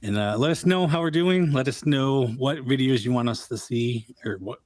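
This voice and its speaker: A man's voice: mid-range voice, moderate pace, a little mellow, no room sound. A man hosting a small channel, chatting easily with plenty of fillers. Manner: easygoing, filler-heavy. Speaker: channel host. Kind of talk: casual chat.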